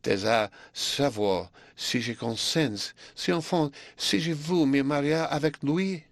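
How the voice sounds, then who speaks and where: A man voicing a shy, earnest young Belgian woman, speaking softly and hesitantly. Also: fairly high pitch, measured pace, vocal fry, no echo, pitched above the performer's own voice. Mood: shy, tender. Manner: soft, quiet and hesitant.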